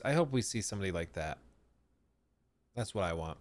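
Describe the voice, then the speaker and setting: A man's voice: low-pitched, animated, a little fast, long pauses. A man live streaming, chatting casually and joking over a video he is watching. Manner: joking, laughs often. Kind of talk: casual chat.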